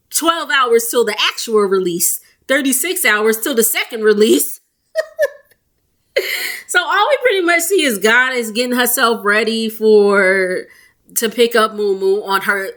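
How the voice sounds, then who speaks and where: A woman's voice: a little high, fairly bright tone. A woman chatting casually as she recaps a reality show, quoting the cast and laughing often. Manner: chatty, laughs often, quotes people in quick voices. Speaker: recap vlogger.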